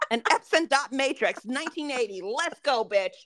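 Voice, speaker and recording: A woman's voice: sits high, lively intonation, normal speed, a bit bright, dry recording, studio quality. A woman co-hosting a podcast in casual chat, blunt and swearing constantly as she rants about work. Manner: blunt, swears constantly, laughs while ranting. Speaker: podcast co-host.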